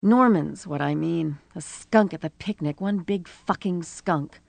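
A woman voicing a battered adult woman who is crying, shrill and furious. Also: a little slow, vocal fry, darkish tone, no echo. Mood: bitter. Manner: sobbing, shrill, furious outbursts.

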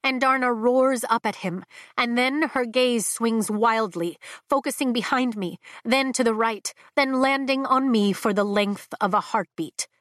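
A woman narrating a fantasy novel in the first person, with a measured, emotive reading. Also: on the high side, fairly bright tone, no echo, studio quality. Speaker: audiobook narrator.

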